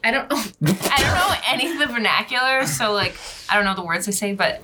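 A woman's voice: fairly high pitch, expressive, a little fast, background noise. A woman with a slight lisp chatting casually, swearing and laughing. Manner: laughing, swearing, trying out an Australian accent. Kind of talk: casual chat.

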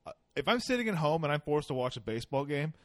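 A man's voice: on the high side, sing-song, fast talker, dry recording. A man hosting a podcast in casual chat, rambling loosely with jokes and swearing. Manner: loose, profane, jokey rambling.

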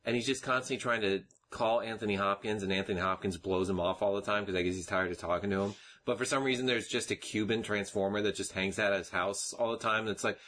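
Low-voiced man riffing on a podcast. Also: fairly even intonation, fast talker, hardly any pauses, fairly bright tone. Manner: dry riffing, laughs at jokes. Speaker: podcast co-host. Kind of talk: casual comedic chat.

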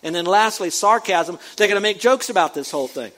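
A male pastor with a fairly high voice delivers a sermon. His delivery is emphatic, punching key words loudly and then falling to low asides. He stops his scripture reading to comment on it. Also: lively intonation, fairly quick. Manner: reads scripture aloud and breaks in with comments.

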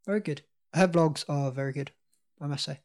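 A woman's voice: sits low, fairly quick, a little mellow. A woman hosting a casual podcast quiz, upbeat and giggly. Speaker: podcast host.

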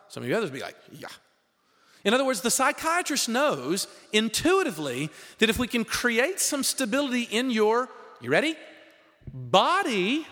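A man preaching a sermon in a lively, conversational way, with frequent rhetorical questions to the congregation. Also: sits high, in a large hall. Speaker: pastor.

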